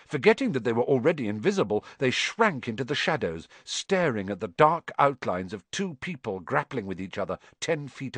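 A man reading an audiobook aloud, storytelling with animated inflection. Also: mid-range voice, dry recording. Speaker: audiobook narrator.

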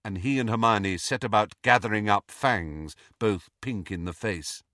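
A man narrating a novel in an expressive, animated reading. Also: fairly low pitch, a little slow, dry recording, studio quality. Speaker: audiobook narrator. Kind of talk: scripted narration.

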